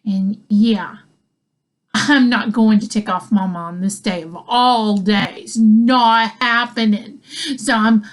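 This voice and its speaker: A woman telling a comic story, rambling with asides and chuckling between lines. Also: medium pitch. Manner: rambling, self-interrupting with asides. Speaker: comedian. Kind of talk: comedic storytelling.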